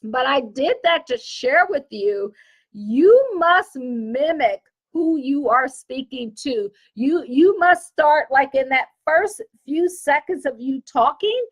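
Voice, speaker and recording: A woman's voice: high-pitched, rough recording. A woman with a Southern American accent giving a casual, emphatic teaching talk as an online business coach, often repeating and correcting herself. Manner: lively, repetitive, emphatic, self-correcting.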